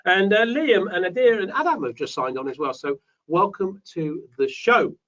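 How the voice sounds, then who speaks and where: A man's voice: high-pitched, expressive, moderate pace, a bit bright. A British man hosting a live online property show, chatting and reading out viewers' names. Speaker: host. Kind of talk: live webinar chat. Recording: distant dull mic.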